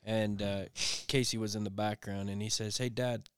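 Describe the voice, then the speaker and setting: A man's voice: fairly low pitch, fairly even intonation, moderate pace, slight background noise. A man hosting a casual talk, telling stories in a rambling way with many restarts. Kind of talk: casual conversation.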